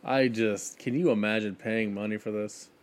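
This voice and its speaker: A man's voice: lowish voice, fairly even intonation, moderate pace. A man co-hosting a casual podcast, blunt and sweary in banter. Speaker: podcast co-host. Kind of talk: casual chat.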